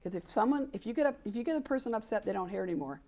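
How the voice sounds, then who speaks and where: Very fast, with lively intonation and a dark, mid-range voice, a woman in her seventies speaks emphatically in a candid interview about sports equality. She voices the dialogue she quotes and repeats key points to stress them.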